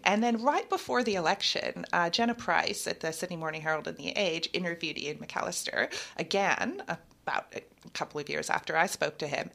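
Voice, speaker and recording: A woman with an American accent, an author guest talking in an animated, chatty way on a radio interview, with frequent ums. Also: fairly low pitch, gravelly.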